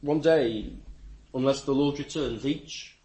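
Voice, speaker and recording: A man preaching a sermon, emphatic, with stammering restarts and sudden rises in pitch and volume. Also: slow pace, mellow.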